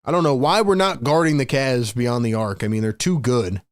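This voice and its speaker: A man hosting a fan livestream, calling play-by-play in excitable, frustrated, slangy talk. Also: mid-range voice, normal speed, no echo, studio quality. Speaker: host and play-by-play commentator.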